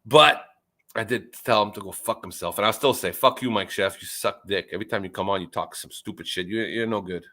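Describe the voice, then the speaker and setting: A man in a casual group chat, ranting loudly with constant swearing and stammered repeats, his pitch jumping whenever he gets riled up. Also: fairly quick. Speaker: chat participant. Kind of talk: casual profane rant.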